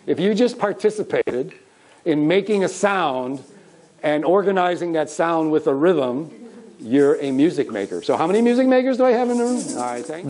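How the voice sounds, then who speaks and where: Strumming his own guitar, a middle-aged man with a slightly high, darkish voice runs an upbeat music workshop in a conference room. He leads the live audience in sung call-and-response, captured on a rough recording.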